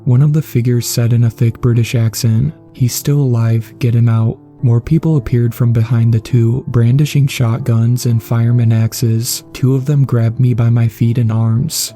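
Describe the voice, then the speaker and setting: Very dark-voiced male horror narrator. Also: medium pitch. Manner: steady, measured storytelling.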